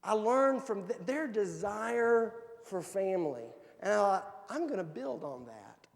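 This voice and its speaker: A high, very animated male voice, a little slow with vocal fry, echoing in a big room. A pastor in a church sanctuary preaches a sermon built on personal family stories, quoting his kids.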